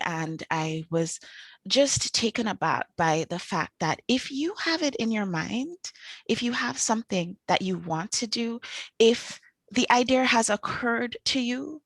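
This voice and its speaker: Woman host chatting away, animated storyteller, dry close sound. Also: lowish voice, no echo. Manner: animated, acts out quoted panic. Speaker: show host and coach. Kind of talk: casual storytelling monologue.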